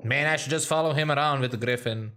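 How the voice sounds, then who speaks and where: A man's voice: medium pitch, fast, fairly bright tone, slight background noise. Crude jokey guy streaming a game, headset mic right at his mouth. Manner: crude, joking, chatty, reads chat aloud. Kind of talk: casual live-stream commentary. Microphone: headset mic close to the mouth.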